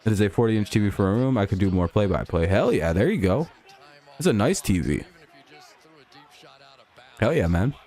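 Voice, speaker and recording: Speaking at a moderate pace with long pauses, a man with a lowish voice hosts a live stream. He calls a football game in relaxed play-by-play and chats casually with viewers, throwing in profane banter.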